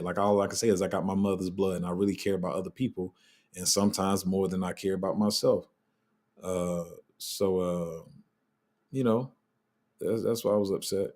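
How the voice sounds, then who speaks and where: A man's voice: low voice, level tone, normal speed, darkish tone. A man hosting a casual live crypto Q&A, answering chat in a loose, candid way and trailing off while he looks things up. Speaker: crypto livestream host.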